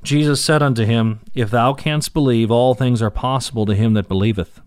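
A man's voice: medium pitch, fairly even intonation, fairly quick, dry recording, clean studio sound. A man reading Bible verses aloud and explaining them in a plain teaching manner, with fillers and restarts, speaking while in pain. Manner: reads scripture then explains it, with restarts and fillers.

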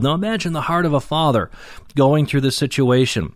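A man's voice: medium pitch, brisk, dry recording. Guy teaching a bible sermon, reads verses then explains them, lots of uh's, dry close sound. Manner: reads scripture aloud then explains it plainly, with frequent uh fillers. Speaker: preacher.

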